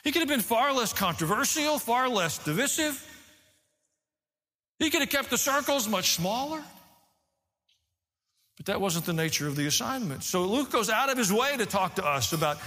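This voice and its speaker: A man preaching a sermon as pastor, animated, rising and falling as he teaches. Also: very high-pitched, normal speed, pauses often, long reverb tail.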